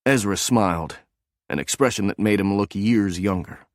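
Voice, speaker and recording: A man narrating an audiobook in a measured, even storytelling manner. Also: low voice, no echo, studio quality.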